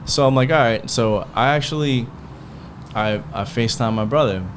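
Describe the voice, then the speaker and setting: A man's voice: medium pitch, normal speed, a little hiss or hum. Man telling a heated story on a podcast. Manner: heated, profane, rambling retelling with quoted dialogue. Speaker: podcast host. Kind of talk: casual storytelling.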